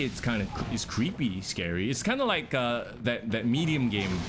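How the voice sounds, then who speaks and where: A man's voice: medium pitch, big pitch swings, normal speed, few pauses. Young male streamer, casual running commentary, faint background noise. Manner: chatty, talks to chat, reacts to the game. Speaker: game streamer.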